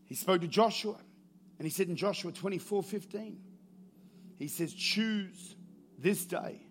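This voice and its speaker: Aussie pastor guy preaching, high voice, gets loud then goes real quiet. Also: moderate pace, a little hiss or hum. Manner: energetic preaching, builds to shouts then drops low and quiet. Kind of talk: sermon.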